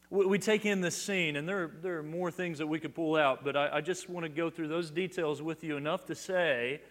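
A middle-aged man delivers a sermon in a slightly high voice, rising to loud declarations and dropping to hushed emphasis. He often stumbles and repeats a word before his phrase. The sound carries a long reverb from the church sanctuary. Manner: repeats words as he restarts phrases. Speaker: pastor.

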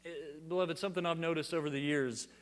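A middle-aged male pastor preaching a sermon with dynamic swings between loud declarations and hushed emphasis, often repeating words as he restarts a phrase. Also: a little high, fairly even intonation, fast. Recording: long hall reverb.

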